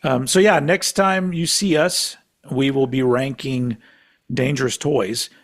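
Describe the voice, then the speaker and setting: A man's voice: medium pitch, fairly even intonation, measured pace. A man co-hosting a casual podcast, rambling off on tangents, swearing freely and laughing often as he talks. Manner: laughs often while talking. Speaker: podcast co-host.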